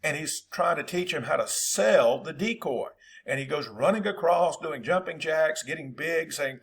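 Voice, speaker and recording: A man's voice: fairly high pitch, lively intonation, moderate pace, a bit bright, husky. A man with a Southern accent, a football coach hosting his channel, talking casually and in a folksy, rambling way to his viewers.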